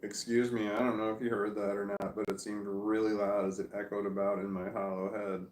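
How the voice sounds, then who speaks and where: A man's voice: on the low side, flat delivery, fairly quick, a little mellow. Sleepy man rambling in an echoey room. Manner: meandering, chatty, self-amused. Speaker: vlogger. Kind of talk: casual rambling monologue. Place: at home with his dog.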